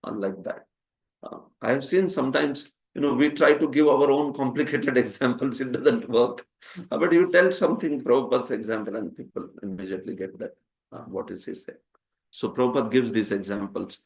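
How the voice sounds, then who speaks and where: Medium in pitch and creaky, the voice moves fairly quickly. A man with an Indian accent who speaks Hindi is lecturing a scripture class and taking questions, repeatedly asking "huh?" and laughing at his own jokes.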